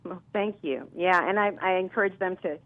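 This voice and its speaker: A woman from Milwaukee, a singer guesting on a radio interview, telling stories in a lively, chatty way. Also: lowish voice, a little fast, narrow, tinny audio. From Milwaukee, US Midwest.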